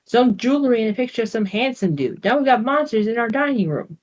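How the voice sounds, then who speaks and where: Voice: medium pitch, expressive, quick pace, pitched above the performer's own voice, lightly acted. A reader voicing a sarcastic sibling who talks with a sneer. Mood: snide.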